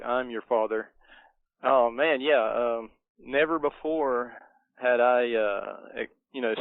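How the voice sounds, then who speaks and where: A man's voice: mid-range voice, no echo. Middle aged guy cohosting, lots of uhs and you knows, sounds like hes on a phone line, totally dry. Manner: hesitant, many fillers, nostalgic. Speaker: podcast cohost. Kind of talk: casual movie review chat.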